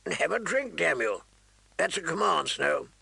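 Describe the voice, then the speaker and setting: Old commander, gruff and growly, gravelly and bright, man reading it. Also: on the high side, sing-song, normal speed, no room sound, pitched above the performer's own voice, full character voice.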